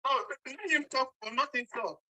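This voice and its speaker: This is a combative Nigerian man talking in pidgin. He has a high voice with a very sharp, bright edge, and he keeps cutting in and talking back. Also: moderate pace. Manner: combative, interrupts, talks in pidgin. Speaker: participant in an online audio room debate.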